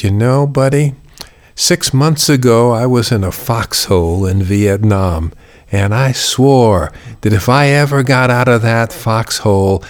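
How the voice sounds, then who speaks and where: A man guest talking slowly in a lowish voice during a casual chat. His humor is dry and unhurried.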